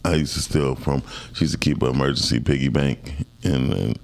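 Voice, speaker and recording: A man co-hosting a morning talk show, telling a personal story in a casual, animated way and acting out other people's voices. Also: very deep voice, brisk, creaky. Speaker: co-host.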